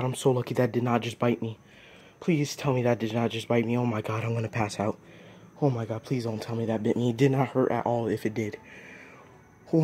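A man's voice: medium pitch, a little mellow, slight background noise. Jumpy young man filming outdoors at night. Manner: jumpy, exclaiming, squeamish. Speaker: nature vlogger. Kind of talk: casual vlog narration.

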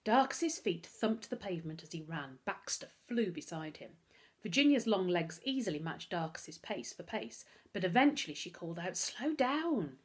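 A woman teacher, reading a children's novel aloud to her class as an expressive storyteller. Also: on the low side, moderate pace, husky. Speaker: primary school teacher.

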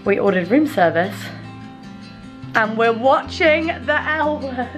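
Woman vlogging, teasing and dry, a bit high, music clearly behind her. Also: expressive, slow pace. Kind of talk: casual vlog chat. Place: in a car, then a hotel room. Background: loud background music.

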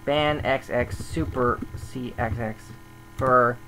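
A man's voice: mid-range voice, steady tone, slow pace, pushed and bright, a little hiss or hum, poor audio. Chatty grumbling man narrating gameplay. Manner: chatty, grumbling, thinking aloud. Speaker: server admin. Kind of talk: casual gameplay commentary.

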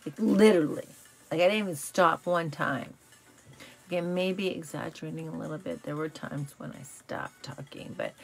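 A woman hosting a casual live stream, chatty and self-correcting, telling corny jokes and riddles, her voice slightly raspy from talking all day. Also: sits low, moderate pace. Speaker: live show host.

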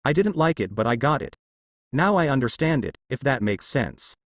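A cocky, awkward teenage boy hero, as a male narrator reads him out, with a lively, bouncing pitch. His delivery is casual, wry and teasing, with a dry, close sound. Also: moderate pace, dry recording, natural voice.

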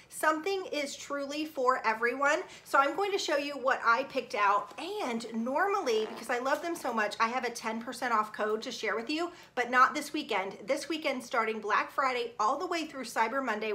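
A woman in her forties chatting enthusiastically at home for her vlog, reviewing clothes she bought, often talking softly. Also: sits high. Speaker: lifestyle vlogger. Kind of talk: casual product review vlog.

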